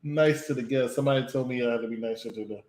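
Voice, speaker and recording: A man's voice: medium pitch, rapid-fire, very noisy. A man with a mid-range voice co-hosts a wrestling review chat. He sounds matter-of-fact, with a dry, teasing edge. His voice sits in a noticeably echoey room. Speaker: podcast co-host.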